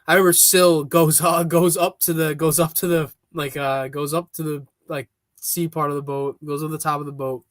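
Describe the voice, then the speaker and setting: Guest rambling man, slightly high voice. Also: normal speed, no room sound, clean studio sound. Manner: rambling, restarts often, excitable. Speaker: podcast guest. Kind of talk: casual chat.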